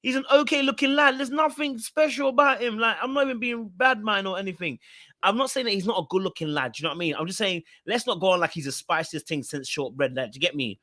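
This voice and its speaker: Animated man recapping reality TV. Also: high voice, fast, no echo, clean studio sound. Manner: animated, repeats words, talks straight to viewers. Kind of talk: casual commentary recap.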